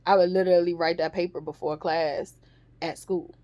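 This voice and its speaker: A woman's voice: on the low side, fairly even intonation, normal speed, warm tone, dry recording. A young adult woman telling a candid, profane storytime, emphatic and rambling. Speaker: vlogger. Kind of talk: casual storytime monologue.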